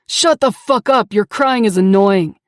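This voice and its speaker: A woman voicing a cruel young man who bellows vicious insults, in a loud, harsh audiobook character voice. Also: medium pitch, steady tone, normal speed, dry recording, studio quality, natural voice. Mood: raging.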